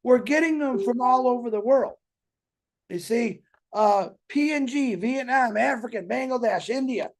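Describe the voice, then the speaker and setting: Hosting a community show, a man with an extremely high-pitched voice and vocal fry speaks a little slowly. He gives a casual, earnest motivational talk, rambling and repeating himself.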